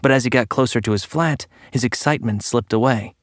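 A man reading a story aloud as narrator, in a measured storytelling manner that turns tense and hushed. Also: mid-range voice, no echo, studio quality. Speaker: audiobook narrator. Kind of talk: scripted narration.

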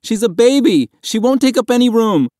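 A man reading an audiobook, voicing a desperate young boy who pleads and shouts in panic. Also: extremely high pitch, animated, moderate pace, dry recording, clean studio sound, voice pushed up. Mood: desperate pleading. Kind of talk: audiobook character voice.

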